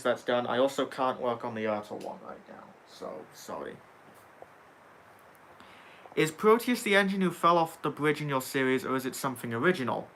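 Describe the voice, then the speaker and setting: Young male streamer, bright tone, sarcastic casual banter with chat. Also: medium pitch, slight background noise. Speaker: livestream host reading chat.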